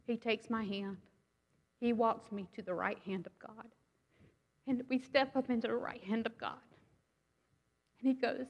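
A woman's voice: a little high, steady tone, a little slow, pauses often, in a large hall. A woman giving a personal testimony to a congregation, speaking in an earnest, conversational way and often checking in with her listeners.

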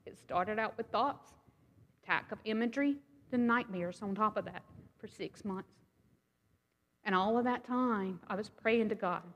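An earnest woman shares her personal testimony with a congregation, talking plainly and checking in with her listeners as she goes. Her voice sits at a middle pitch. It rings with the long reverb of a large hall. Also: normal speed, pauses often, highs cut off. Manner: earnest, conversational, asks "right?" often. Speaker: speaker giving a testimony.

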